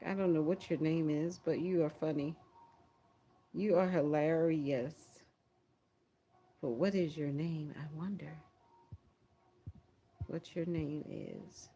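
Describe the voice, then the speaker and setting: A woman's voice: sits low, steady tone, slow pace, long pauses, warm tone, slight background noise. A woman hosting a livestream prayer watch, chatting casually, laughing often and reading viewer comments aloud.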